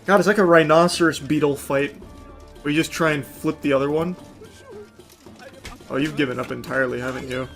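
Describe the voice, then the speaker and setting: A man giving live gameplay commentary, excitable, yelling, cursing and laughing in bursts. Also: fairly high pitch, a little fast, pauses often, faint music behind. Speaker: gaming commentator.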